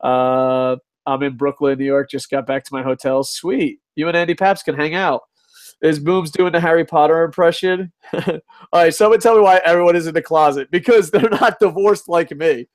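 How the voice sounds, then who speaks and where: A man's voice: fairly high pitch, moderate pace. A man hosting a casual live stream, reading chat, swearing and ranting, laughing often. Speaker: host.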